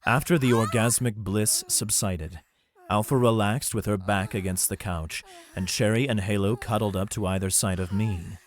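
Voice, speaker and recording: A man's voice: on the low side, steady tone, normal speed. A man narrating an adult fantasy audiobook in the first person, reading steadily.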